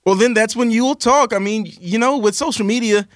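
A young man co-hosting radio, laid-back and deadpan in casual banter. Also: very high-pitched, moderate pace, dry recording, studio quality. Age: young adult.

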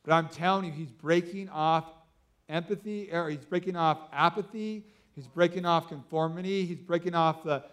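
A man in his thirties preaching a sermon, telling stories excitedly with lots of fillers like "like" and "you know". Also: on the high side, normal speed. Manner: excitable storytelling with many fillers. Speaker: pastor.

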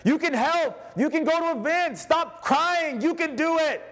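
A man voicing a pushy coach-like pastor who yells encouragement in a high, strained voice. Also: measured pace, big-room sound. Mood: mock yelling. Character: pushy shouting coach-like pastor, male adult.

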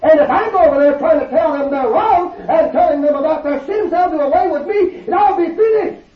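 A man voicing a frightened male prophet, his voice raised and excited. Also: extremely high pitch, fairly quick, voice pushed up. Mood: fearful. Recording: distant, roomy, dull sound.

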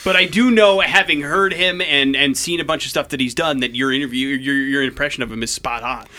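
A man hosting a casual interview, answering in a relaxed, affirming way. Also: medium pitch, fairly quick. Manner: relaxed, affirming, brief replies. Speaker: host.

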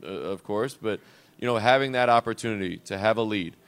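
A man's voice: on the low side, fairly quick, fairly bright tone, clean tone. A man, a head basketball coach, talking in a reflective, loose and unscripted way on a coach's show. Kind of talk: conversational coach's show interview.

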